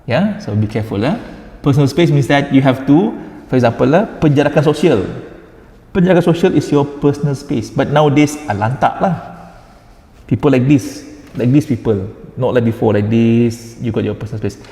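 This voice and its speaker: A man's voice: medium pitch, brisk, warm tone. A man with a Malaysian accent teaching a casual class, chatty, repeating words and slipping into Malay. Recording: echoey room with long reverb.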